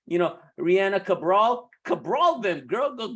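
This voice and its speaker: Animated man coaching with laughs. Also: high voice, normal speed, hardly any pauses. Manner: animated, laughing, lots of restarts. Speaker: beauty business coach. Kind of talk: casual coaching talk.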